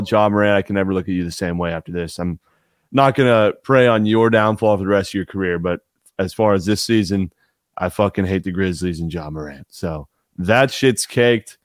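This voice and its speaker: Blunt, low-voiced man on a dry mic. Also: clean tone, dry recording. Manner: blunt, profane, clipped. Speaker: podcast co-host. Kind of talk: casual sports betting chat.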